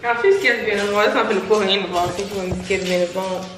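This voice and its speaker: A woman's voice: medium pitch, steady tone, very fast, recorded from a distance. A young woman with a Houston accent, vlogging in brash, teasing, slangy banter, filmed on a handheld camera in a car and outdoors. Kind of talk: casual vlog banter. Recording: noisy street and car background.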